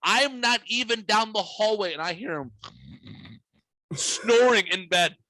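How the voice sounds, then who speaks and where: A man hosting a casual podcast, telling a story with lots of swearing and acting out his own yelling. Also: sits high, a little slow, dry recording. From United States. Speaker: podcast host.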